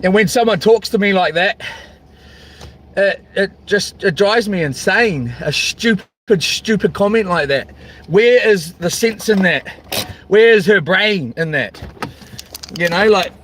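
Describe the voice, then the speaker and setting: A middle-aged man with a New Zealand accent rants in a casual vlog, his high, fairly bright voice full of lively intonation at a measured pace. He sounds frustrated, stumbling, restarting and repeating himself, and there's slight background noise.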